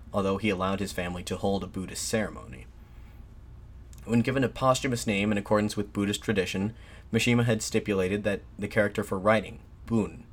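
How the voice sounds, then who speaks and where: A man reads a scripted history narration in a steady, measured way. His voice sits on the low side, and he now and then restarts a phrase before moving on.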